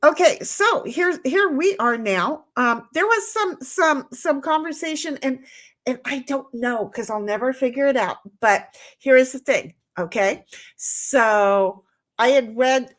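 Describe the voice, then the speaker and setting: Middle-aged woman rambling on her stream at home, kinda high voice, chatty and loose. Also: lively intonation, unhurried, fairly bright tone. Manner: rambling, chatty, reads chat aloud. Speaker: livestream host. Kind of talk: casual chat.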